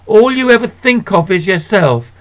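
A man voicing a scornful, sharp-tongued older sister in a storybook reading. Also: sits high, animated, moderate pace, voice pushed up. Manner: sneering, cutting.

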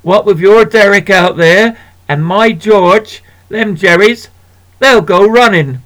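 A man's voice: sits high, slow pace, fairly bright tone, voice pushed up. A man voicing a cheerful, motherly shopkeeper woman in a storybook reading. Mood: hearty. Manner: hearty, reassuring.

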